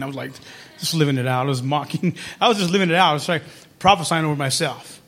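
A man preaching as pastor, telling his story quietly, then building to loud, fervent calls. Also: on the high side, expressive, fast talker. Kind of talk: sermon.

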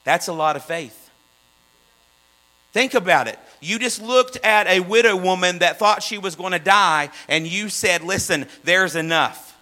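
A man preaching a sermon, swinging from loud fervent runs to hushed low asides. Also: measured pace, poor audio.

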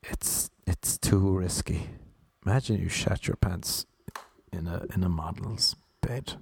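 A man's voice: deep voice, unhurried, vocal fry, husky, no echo. A young Irish man telling rambling, self-mocking comic stories, often laughing at his own jokes. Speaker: comedian. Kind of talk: comic monologue.

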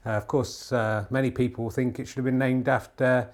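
Brief: male podcast host, dry ironic mock commentator, halting delivery full of "uh"s, home recording. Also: medium pitch. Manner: rambling, many filler pauses; deadpan ironic humour. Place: home TV room.

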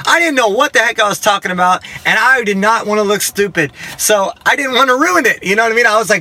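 A man giving a personal Christian testimony, telling it in a lively way, acting out the dialogue and adding self-mocking jokes. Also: high-pitched, quick pace, few pauses. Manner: humorous, self-mocking asides. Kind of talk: storytelling testimony to a listener.

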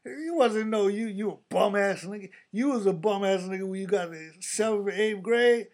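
A middle-aged man from the Bronx, telling animated stories in casual chat and acting out the people he quotes. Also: high-pitched, moderate pace. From the Bronx, New York. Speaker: storyteller in a casual conversation.

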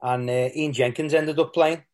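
A man's voice: fairly high pitch, fairly even intonation, moderate pace, darkish tone. A man, a former footballer, telling candid stories in an interview and often quoting what people said. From England. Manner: rambling, with restarts and quoted asides.

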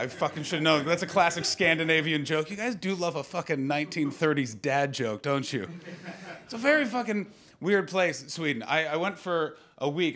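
A man in his thirties from Canada, hosting a live improvised comedy podcast and doing crowd work in a small room, riffing brashly with lots of swearing. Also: on the high side. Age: 30s. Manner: brash, profane, rapid riffing that bursts into shouting.

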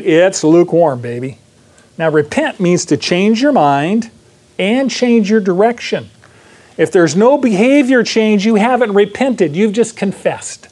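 A man teaching a Bible class in a sermon style, asking the room questions and acting out quick asides. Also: high voice, a little mellow.

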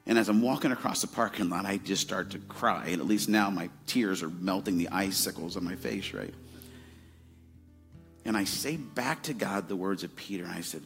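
A man's voice: lowish voice, expressive, a little fast, slightly rough, soft background music. A man in his forties from Arizona, preaching a sermon in a casual, conversational way with many fillers. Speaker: pastor.

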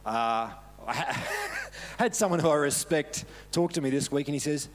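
A man's voice: a little high, moderate pace. A man preaching a casual, storytelling sermon with self-deprecating humour, laughing often as he talks. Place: church service.

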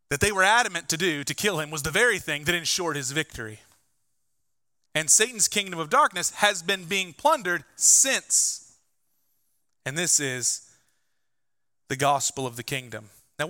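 Bright, emphatic male pastor preaching. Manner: emphatic, rising to loud bursts and dropping low; conversational asides with fillers. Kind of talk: sermon.

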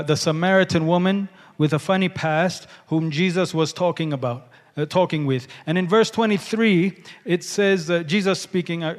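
A man's voice: fairly high pitch, in a large hall. A man preaching a sermon, emphatic, calling out hallelujah and asking the congregation to respond.

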